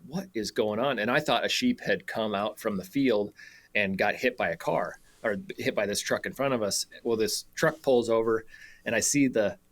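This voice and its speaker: A man's voice: on the low side, a bit bright. A man guest on a radio show, telling a story casually with many fillers and frequent laughs.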